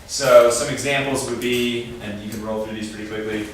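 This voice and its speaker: In an echoey meeting room, a man speaks to parents at a training session in a medium-pitched voice with fairly even intonation, at a moderate pace. His talk is informal, often acting out dialogue. He's far from the mic, with faint noise.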